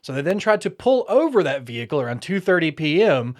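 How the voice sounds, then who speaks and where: A man with a somewhat high voice co-hosts a casual podcast and reads news stories aloud. He jokes and laughs often, stumbling and restarting as he reads. His tone stays easygoing throughout. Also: very animated, fairly quick. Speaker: podcast co-host.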